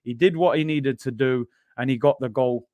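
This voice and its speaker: A man's voice: medium pitch, moderate pace, darkish tone, dry recording. A man hosting a fan football channel, chatting animatedly through goal replays and often addressing viewers as "people". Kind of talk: casual fan commentary over match replays.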